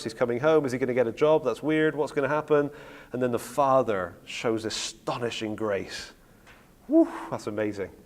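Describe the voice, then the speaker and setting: A middle-aged man preaching on a Bible story, retelling it with lively acted-out quotes. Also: mid-range voice. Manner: animated storytelling, acting out quoted lines. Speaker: preacher teaching on Bible stories. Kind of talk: sermon-style teaching talk.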